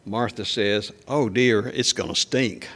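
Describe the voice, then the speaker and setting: A man preaching a sermon in a conversational way, asking the congregation questions and acting out quoted lines louder and higher. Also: a little slow. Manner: acts out quoted speech with raised pitch and volume. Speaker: pastor.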